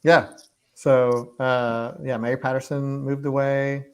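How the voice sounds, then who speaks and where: A man in a relaxed, rambling way answering fan questions as a longtime cast member in a live Q&A. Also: medium pitch, slow pace, clear, resonant tone. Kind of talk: casual chat.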